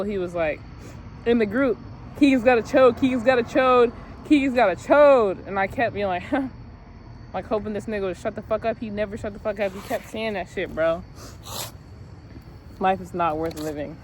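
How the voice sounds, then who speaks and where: A woman's voice: medium pitch, a little hiss or hum. A young woman vlogging while sitting outdoors in a parking lot, musing aloud in a loose, profane, laughing way. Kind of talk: rambling casual vlog.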